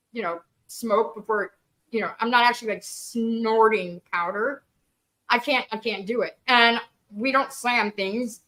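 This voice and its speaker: A woman's voice: on the high side, sharp tone. A woman telling candid, profane stories in casual chat, laughing and swearing freely. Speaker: guest storyteller.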